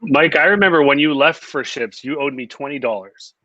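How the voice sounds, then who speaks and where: A man's voice: fairly high pitch, lively intonation, normal speed, bright, forceful tone, dry recording, highs cut off. A man chatting casually as podcast host, telling stories and laughing often. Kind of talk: casual chat.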